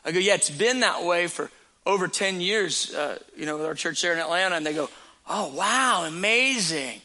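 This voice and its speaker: Man, pastor, casual sermon, high voice, bright tone, chatty retelling of conversations. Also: a little fast. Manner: conversational storytelling with repeated phrases.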